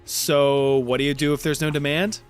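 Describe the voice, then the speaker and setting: A man's voice: on the high side, level tone, normal speed, clear, resonant tone, faint music behind. A man narrating a history video in a scripted, wry, jokey storytelling manner.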